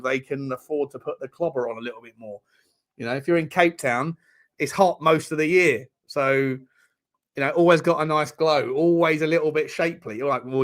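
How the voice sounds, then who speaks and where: Running a laid-back football watchalong, this host jokes and rambles, often stammering and starting over. His voice is mid-range and fairly bright.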